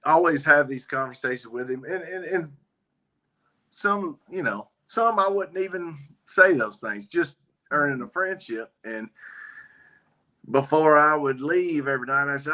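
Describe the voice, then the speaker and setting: A man's voice: fairly high pitch, measured pace. A man, a guest on a faith interview show, telling a story in a casual, folksy way and acting out the dialogue. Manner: folksy, relaxed, acts out quoted dialogue. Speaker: guest, biker ministry member.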